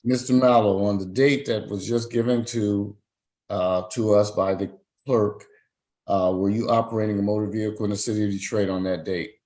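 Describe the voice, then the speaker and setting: A man's voice: on the low side, fairly even intonation, moderate pace, darkish tone, low-quality recording. A man presiding as a judge, formally reading out charges, fines and rights in a court hearing. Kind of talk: court proceedings over a video call.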